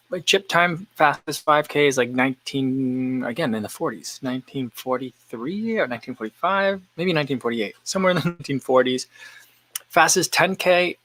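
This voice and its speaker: Male host, mid pitch, bright tone, loose live-stream chat, thinks aloud and wanders between answers. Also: rough recording. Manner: rambling, thinks aloud while answering viewers. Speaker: running channel host. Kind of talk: casual live-stream chat while eating.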